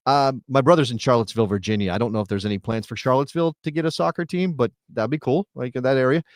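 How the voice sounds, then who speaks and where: A middle-aged man co-hosting a soccer talk show, chatting casually and thinking out loud with rhetorical questions. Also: mid-range voice, very fast, no echo, studio quality. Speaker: soccer podcast co-host. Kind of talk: casual chat.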